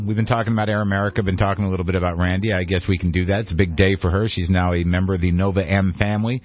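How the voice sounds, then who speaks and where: A man's voice: low-pitched, fairly even intonation, rapid-fire, hardly any pauses. Rambling male radio talk host. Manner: rambling, self-deprecating, conversational. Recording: dull lo-fi radio broadcast.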